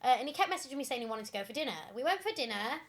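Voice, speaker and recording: A young woman chatting on a podcast, her voice bright and a touch high. She retells stories in an animated, giggly way, full of fillers. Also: racing. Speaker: podcast co-host. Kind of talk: casual chat, retelling listener stories.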